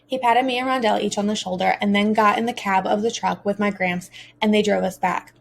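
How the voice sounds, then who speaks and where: Woman narrating an audiobook, gravelly voice. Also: medium pitch, fairly even intonation, brisk, slight background noise. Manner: earnest, emotional storytelling. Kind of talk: first-person audiobook narration of a teenage boy.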